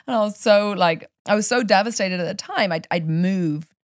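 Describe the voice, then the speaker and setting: A woman's voice: mid-range voice, moderate pace, no room sound, studio quality. A woman from Europe, a life coach chatting on a podcast and telling stories with passion. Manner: passionate, animated storytelling. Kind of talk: casual podcast chat.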